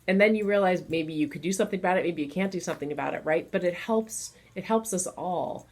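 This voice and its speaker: A woman with a notably low voice talks parents through helping their children, casual and unscripted. She sounds earnest and encouraging, middle-aged, and keeps coming back to specific examples. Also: fast, a little mellow. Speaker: children's educator advising parents. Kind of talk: casual advice talk to parents.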